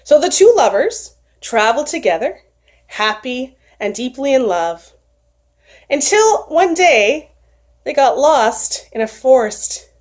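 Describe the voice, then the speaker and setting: A woman retelling a folktale aloud in an expressive, animated storytelling manner. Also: high voice, slow pace.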